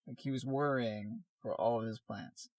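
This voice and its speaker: A man co-hosting a casual podcast at a middling pitch, rambling and circling back as he searches for words. The recording is dry and close, with no room around it. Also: moderate pace, darkish tone, dry recording. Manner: rambling, many fillers and restarts. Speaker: podcast co-host, artist. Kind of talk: casual chat.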